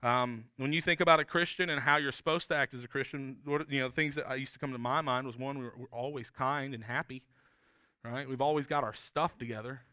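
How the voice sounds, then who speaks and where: A man's voice: mid-range voice, fairly even intonation, brisk, sharp tone, dry recording, clean studio sound. A man preaching a sermon as pastor, talking in an earnest, conversational way with frequent restarts and tag questions.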